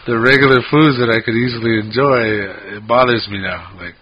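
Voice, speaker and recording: With a steady, medium-pitched voice and a slightly breathy edge, this podcast co-host talks at a moderate pace, spinning profane, meandering stories in relaxed conversation. The podcast recording sounds dull and lo-fi.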